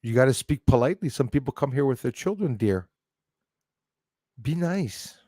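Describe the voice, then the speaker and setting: A man's voice: mid-range voice, animated, moderate pace, dark tone, no echo, studio quality. Rambling, chatty male livestream host. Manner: chatty and loose, laughs often, trails off mid-thought. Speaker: livestream host reading chat. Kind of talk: rambling casual live chat.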